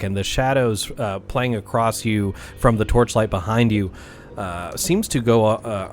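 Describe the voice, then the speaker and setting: Animated male game master. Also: mid-range voice, slight background noise. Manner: lively, chuckling, with many fillers. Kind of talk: narrating a tabletop game.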